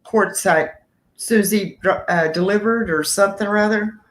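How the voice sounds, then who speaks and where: A woman's voice: mid-range voice, normal speed. Easygoing woman in a roomy space. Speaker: host's wife and co-host. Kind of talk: casual chat.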